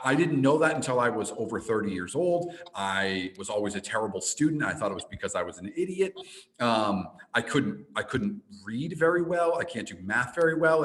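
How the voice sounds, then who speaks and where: An entrepreneur guest on a podcast tells his story with lively energy, often restarting his sentences mid-thought. His voice is an ordinary pitch for a man. He talks like a speaker who is used to the stage. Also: rough recording. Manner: animated, with repeated restarts. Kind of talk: storytelling in a casual interview.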